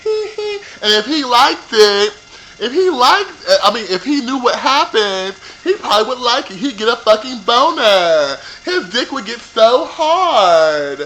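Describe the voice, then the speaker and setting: A man recapping a reality TV episode for his viewers in a profane, animated rant, talking straight to them. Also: extremely high pitch, measured pace, rough recording. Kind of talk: ranting show recap.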